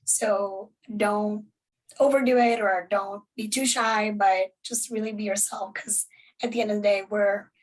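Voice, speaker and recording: A woman's voice: mid-range voice, fairly even intonation, unhurried, recorded from a distance, low-quality recording. A woman recruiter giving encouraging, conversational advice in a panel Q&A. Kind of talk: panel Q&A answers.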